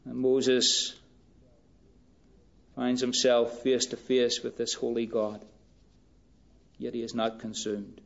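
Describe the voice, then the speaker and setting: A man preaching a sermon in a slow, measured way, rising in pitch and force for emphasis. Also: monotone, creaky. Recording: dull lo-fi recording.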